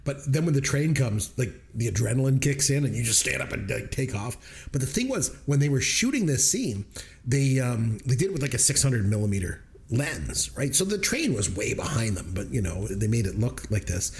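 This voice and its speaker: Male podcast co-host, expressive storyteller, medium pitch, a wide swing in the voice. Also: moderate pace, creaky. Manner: animated storyteller, laughs often. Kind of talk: casual movie review chat.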